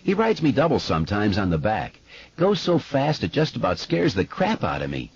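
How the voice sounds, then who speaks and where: A man's voice: fairly low pitch, huge pitch swings, normal speed, husky, lo-fi sound, pitched above the performer's own voice, exaggerated voice. A man voicing a fretful, chatty eleven-year-old boy with asthma, in an audiobook.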